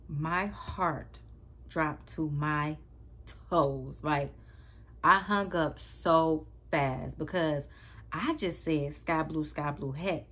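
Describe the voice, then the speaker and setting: A woman's voice: sits low, drawn-out words, fairly bright tone. Brief: a woman vlogger on a storytime video, dramatic and slangy, speaking straight to her viewers. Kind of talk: storytime vlog.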